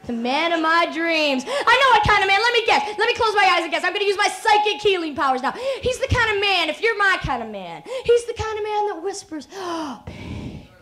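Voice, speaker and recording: A woman delivers confrontational spoken word with a strikingly high voice. She slides from breathy, sultry murmurs into defiant, shouted declarations. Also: very animated, fast talker, hardly any pauses. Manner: provocative, swinging between sultry murmurs and defiant outbursts.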